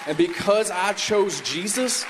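A man's voice: high-pitched, a little slow, crowd noise, background noise. A man preaches to his congregation, turning a personal story into an earnest, conversational sermon. His voice sits a little above the usual male range. His words ring out with the long reverb of a church hall. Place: church sanctuary.

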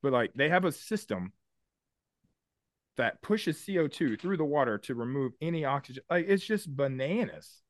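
A man's voice: mid-range voice, lively intonation, normal speed. A man co-hosting a podcast in casual chat. He explains things in detail with a lot of enthusiasm and swears casually. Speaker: podcast co-host.

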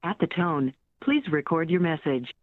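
A performer voicing an automated voicemail greeting in a flat, formal tone, heard over a phone line. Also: medium pitch, normal speed, no room sound, lightly acted. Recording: tinny phone line with noise.

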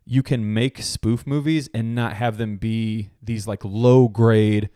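A man in a dry, close-miked casual talk, telling his friends about a favorite film. He slips into high, lively voices to quote the characters and keeps laughing between lines. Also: slow pace, clear, resonant tone, no room sound. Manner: animated, acts out movie quotes with laughter. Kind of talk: casual movie chat.

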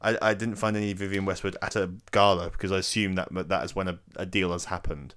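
A man's voice: sits low, fairly even intonation, quick pace, fairly bright tone. A young man hosting a casual quiz chat, rambling with lots of fillers and giggles. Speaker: podcast quiz host.

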